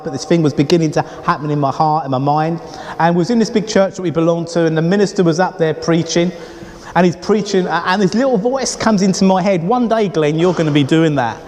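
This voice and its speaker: A middle-aged man preaching a sermon as a pastor, animated and conversational with chatty asides. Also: a little high. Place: church. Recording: reverberant church hall.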